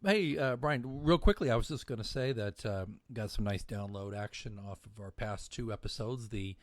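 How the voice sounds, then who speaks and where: A man's voice: fairly low pitch, moderate pace, no room sound, studio quality. A man co-hosting a fan podcast, talking casually and rambling upbeat about the show and its merchandise. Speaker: podcast co-host.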